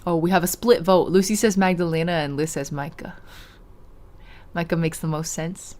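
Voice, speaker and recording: A woman's voice: on the low side, fairly even intonation, normal speed, a little mellow. A woman streamer chatting with her viewers, giggling often and reading visual novel prose aloud with a dramatic lilt. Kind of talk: casual let's-play chat, reading a visual novel aloud.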